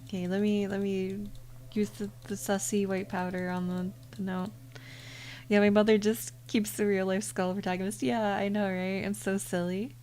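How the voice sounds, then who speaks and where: Soft-spoken woman streamer, faint ambience. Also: medium pitch, flat delivery, moderate pace, slight background noise. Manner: quiet, playful, muttering to herself.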